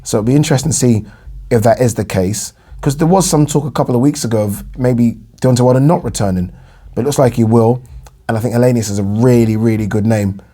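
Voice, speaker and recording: Husky English guy chatting boxing. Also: mid-range voice, fast talker, dark tone. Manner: chatty, rambling, repeats phrases, lots of fillers. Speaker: boxing vlogger. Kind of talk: casual solo boxing commentary.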